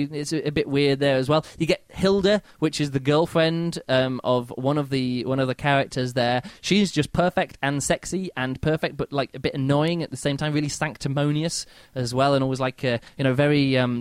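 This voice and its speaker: Fast-talking chatty man. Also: on the high side, no echo. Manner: rambling, chatty, with lots of fillers and mock-quoted reactions. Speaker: book reviewer. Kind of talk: casual spoken book review.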